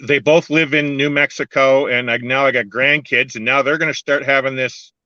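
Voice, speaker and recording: A man's voice: mid-range voice, steady tone, moderate pace, pushed and bright, dry recording, dull audio. An older man from Canada in casual chat, laughing often as he talks. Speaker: co-host.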